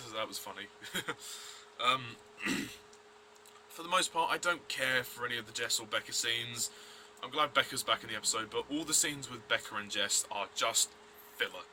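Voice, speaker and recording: A man's voice: medium pitch, normal speed, sharp tone, a little hiss or hum. A man giving a blunt, rambling review of a TV episode, full of fillers and restarts. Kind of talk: casual review vlog.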